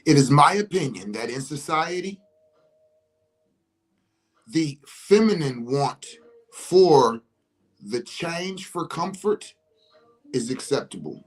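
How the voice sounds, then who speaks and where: A man holding forth in an impassioned monologue, swearing freely and leaning hard on his words. He shifts between calm explaining and loud, heated shouting. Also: fairly high pitch, slow pace, long pauses. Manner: profane, emphatic, rising to shouts. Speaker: monologue speaker.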